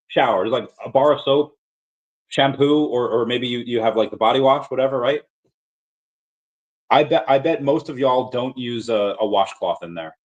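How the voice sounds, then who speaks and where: A man hosting a casual livestream, rambling and chatting with viewers, full of fillers and restarts. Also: medium pitch. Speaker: livestream host. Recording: dull lo-fi audio.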